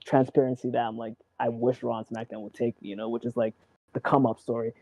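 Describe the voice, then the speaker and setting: A man in casual chat about wrestling, rambling and excitable, acting out quotes and swearing. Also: mid-range voice, fairly quick, no room sound, rough recording. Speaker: wrestling show co-host.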